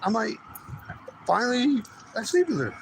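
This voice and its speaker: A man's voice: very high-pitched, sing-song, moderate pace. A man telling a personal testimony in a rambling, profane, casual way, acting out the voices of people in his story. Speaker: guest sharing a testimony. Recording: noisy background.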